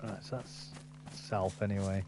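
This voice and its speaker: A man's voice: deep voice, steady tone, measured pace, background noise. A man in casual voice chat while gaming, joking around and laughing often. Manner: jokey, laughs often, says mate a lot. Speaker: gamer in voice chat.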